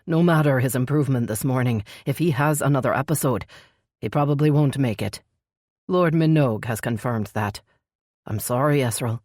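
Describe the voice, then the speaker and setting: A brooding male elf heir, gruff and curt, growling out his words, as a woman narrator puts him on. The voice sits very low and is dry and close, an audiobook read. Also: normal speed, a little mellow, no room sound. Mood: grieving. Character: brooding male elf crown prince, stern.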